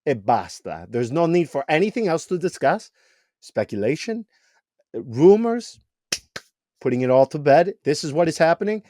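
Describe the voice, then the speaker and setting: Animated man co-hosting a podcast. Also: a little high, moderate pace, no room sound. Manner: animated, repeats words when excited. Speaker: podcast co-host. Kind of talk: casual podcast chat.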